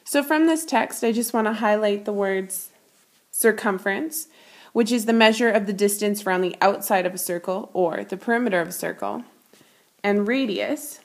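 A woman teaching math as she reads a picture book aloud, her voice mid-pitched and steady. She explains each term patiently and clearly, like a classroom lesson.

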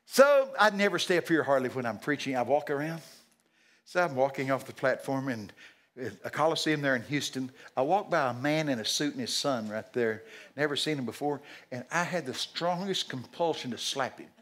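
Animated older preacher telling stories. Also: male voice, mid-range voice, moderate pace. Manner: folksy and animated, shouting quoted voices. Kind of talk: storytelling sermon. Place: large church hall.

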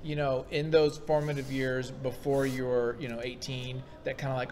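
A man's voice: mid-range voice, level tone, normal speed, a little mellow, slight background noise. A man interviewing a guest at a convention panel, asking long, rambling questions with enthusiasm.

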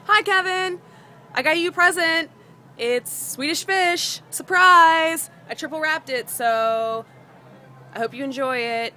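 Slow, bright-voiced teasing woman. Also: sits high, slight background noise. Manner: playful teasing. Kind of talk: casual home video message. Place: busy restaurant. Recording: home video with crowd and music.

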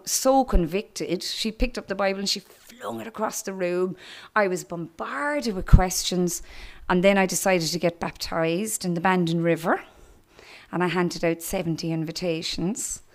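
Irish woman telling a lively testimony. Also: mid-range voice. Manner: animated, laughing, acts out voices in her story. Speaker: church testimony speaker. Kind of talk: personal testimony storytelling.

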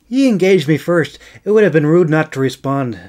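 A man voicing a gentle young woman who talks to dragons in a soft, sing-song cooing voice. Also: on the high side, expressive, normal speed, voice pushed up. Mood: explaining.

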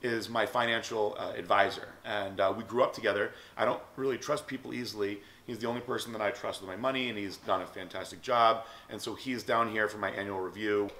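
A man's voice: fairly low pitch, steady tone, a little fast, few pauses, sharp tone. A man hosting a vlog, telling a story casually and rambling with many fillers. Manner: rambling, lots of likes and ums. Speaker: vlog host. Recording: echoey room with long reverb.

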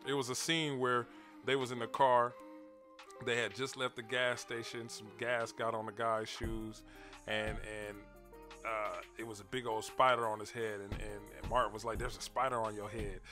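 A man with hosts a relaxed commentary video, chuckling and circling back over his words as he talks to his viewers. His voice sits in a middle pitch. Faint music plays behind him. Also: normal speed. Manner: laid-back, laughing, repeats words, addresses viewers directly. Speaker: commentary channel host.

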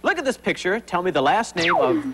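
Lively high-voiced male game show host. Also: breathy edge, rough recording. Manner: jokey, bantering, quick to laugh. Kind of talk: upbeat game show hosting. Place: TV studio with live audience. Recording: 1980s TV broadcast, loud audience noise. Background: studio audience.

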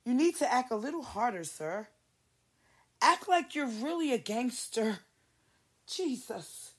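A woman podcast host delivers a rambling, heavily profane rant, animated and mimicking others in a raised voice. Her voice is a little high and slightly rough, and she speaks unhurriedly.

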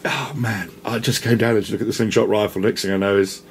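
A man's voice: fairly low pitch, fairly even intonation, fast, slight background noise. A man presenting a rambling, enthusiastic walk-around tour of a shop. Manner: enthusiastic, rambling, self-deprecating. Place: indoor shop.

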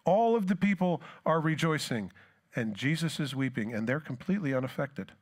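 A man's voice: a little high, animated, moderate pace. A man preaching a sermon as pastor, earnest, reading scripture aloud with rising force and then talking it through plainly. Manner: earnest, repeats words when restarting.

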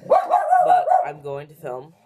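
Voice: medium pitch, wildly swooping pitch, slow pace, narrow, tinny audio, very noisy. Rambling young vlogger full of "like"s. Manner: rambling, filler-heavy, says "like" and "literally" a lot. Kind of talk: casual daily vlog chat.

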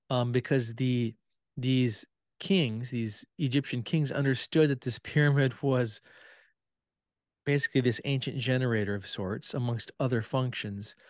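A man in a casual podcast chat, telling stories in a relaxed way with many fillers. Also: medium pitch, no echo, studio quality. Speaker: podcast guest, tour guide.

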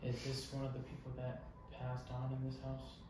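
A man with a mid-pitched voice asks plain, curious questions during a ghost hunt. He is recorded from a distance in a very echoey room. Clear noise sits behind him. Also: completely flat delivery, moderate pace. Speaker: paranormal investigator.

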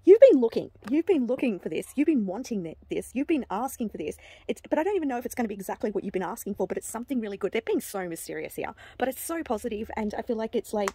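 Gushing excitable woman reading oracle cards. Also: mid-range voice, slightly rough, no echo. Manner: gushing, excitable, bursts of delighted exclamations; halting restarts and repeated words. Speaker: psychic card reader. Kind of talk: oracle card reading to camera.

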